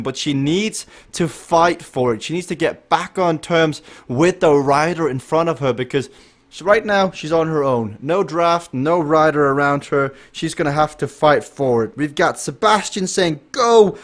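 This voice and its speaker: A fairly high-voiced man calls a live esports race with a lively, chatty delivery. He reacts fast to the action and banters with the viewers in the chat. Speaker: race commentator and stream host.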